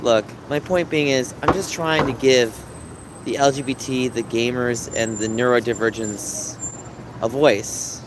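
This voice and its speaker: A man's voice: medium pitch, fairly even intonation, measured pace. A man in his thirties livestreaming on city streets at night, chatting casually and emotionally with viewers as he reads their comments. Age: 30s. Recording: street noise behind. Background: city traffic noise.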